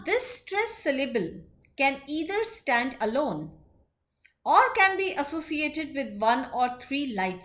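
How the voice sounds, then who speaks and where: A woman giving a literature lecture in a measured explaining manner, pausing often with fillers. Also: high voice. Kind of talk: classroom lecture.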